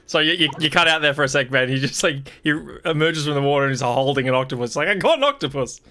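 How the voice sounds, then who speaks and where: A man in a casual film review chat, chiming in with quick interjections over a remote connection. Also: medium pitch, steady tone, pushed and bright, smooth. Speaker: podcast co-host.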